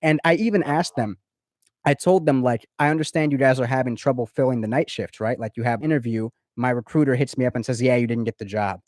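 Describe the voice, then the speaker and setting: A man tells a personal story in casual chat, animated and profane. He swears freely and trips over repeated words. His voice sits at a middling pitch, recorded close and dry. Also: quick pace, dry recording. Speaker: guest in a recorded conversation. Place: lives in Florida.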